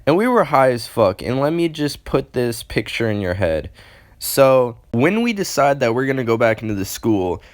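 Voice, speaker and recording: A man's voice: medium pitch, sing-song, normal speed. A young man in his late teens telling a story casually to camera, rambling and swearing freely. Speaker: storytime vlogger.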